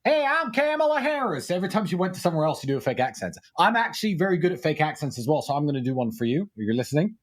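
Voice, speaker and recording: A man's voice: a little high, animated, rapid-fire, hardly any pauses. A British man joking and teasing in a podcast chat.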